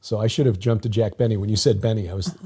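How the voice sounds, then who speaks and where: A man's voice: on the low side, steady tone, fast talker, mellow, breathy edge. A man co-hosting a talk podcast in a casual, rambling way, often restarting his sentences. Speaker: podcast co-host. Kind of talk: casual conversational commentary.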